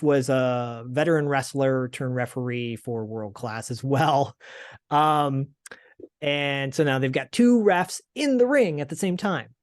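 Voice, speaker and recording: A man's voice: mid-range voice, unhurried, no room sound. A man hosting a podcast, casually recapping with frequent fillers and restarts. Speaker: podcast host. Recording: dry close podcast sound.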